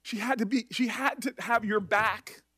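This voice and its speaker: A middle-aged man speaking at a hearing as a senator, emotional and halting, often restarting his sentences. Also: high-pitched, pushed and bright, breathy edge. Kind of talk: emotional public address.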